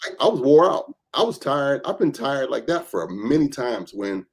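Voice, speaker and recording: A man's voice: medium pitch, normal speed, slightly rough. A man, a reverend and gun rights advocate, telling stories as a podcast guest and acting out the people he quotes. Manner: animated storyteller who acts out quoted voices. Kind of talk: storytelling in a podcast interview.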